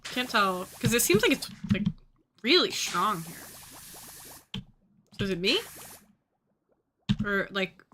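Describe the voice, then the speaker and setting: A woman's voice: medium pitch, very animated, slow pace, long pauses, bright, forceful tone, a little hiss or hum. A young woman streaming a game, chatting casually and rambling with lots of fillers. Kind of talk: casual gaming stream chat.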